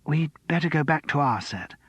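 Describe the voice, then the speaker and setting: A man's voice: fairly high pitch, expressive, moderate pace, fairly bright tone, breathy edge, dry recording, voice pushed up. A man voicing a flustered young woman who works in television, speaking in urgent, breathless hisses. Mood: desperate. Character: flustered young woman TV researcher herding guests.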